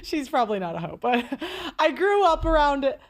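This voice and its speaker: High-voiced blunt mocking woman host. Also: very animated, moderate pace. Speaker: commentary host. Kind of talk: reaction commentary on a speech clip.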